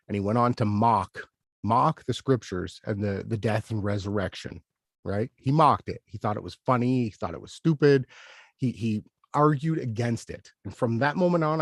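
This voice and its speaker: A man hosting a commentary channel rants with emphatic indignation about a clip he has just played. His voice is medium-pitched, and the studio-quality recording has no room sound.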